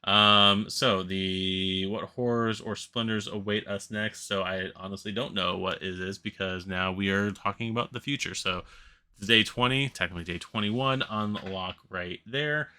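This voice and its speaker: Man, deep voice, very bright edge, rambling casual commentary, sleepy, self-correcting. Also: fairly even intonation, moderate pace, clear, resonant tone. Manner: rambling, self-correcting, laughs at his own slips. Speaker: board game channel host. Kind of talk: casual solo commentary on a crowdfunding campaign.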